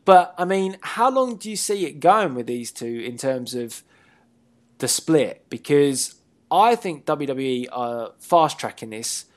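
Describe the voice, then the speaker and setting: A man hosts a wrestling talk show in easygoing chat. His voice swings widely up and down as he teases his co-host, laughs often, and lets sentences trail off before he picks them up again. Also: mid-range voice. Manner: playful and teasing, laughs often, wanders mid-sentence. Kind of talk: casual chat.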